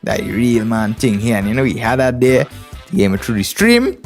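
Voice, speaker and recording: A man from Trinidad and Tobago with a heavy Trinidadian accent, talking to his chat on a live chess stream. He drawls, jokes and keeps adding "man" to his lines. His voice sits at an ordinary middle pitch, and quiet music plays under it. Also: sing-song, normal speed. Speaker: chess streamer, international master.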